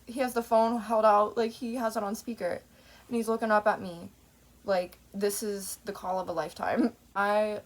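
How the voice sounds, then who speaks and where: A woman's voice: medium pitch, a little mellow. A woman in her twenties talking to camera in a rambling, tangent-filled monologue, swearing freely. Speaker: vlogger.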